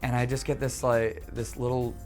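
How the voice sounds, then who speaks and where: Young male actor recounting set pranks; lively, stumbles over repeated words, soft music bed. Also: medium pitch, moderate pace. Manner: animated storytelling, repeats words. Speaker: young actor interviewed about filming. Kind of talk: casual interview anecdotes.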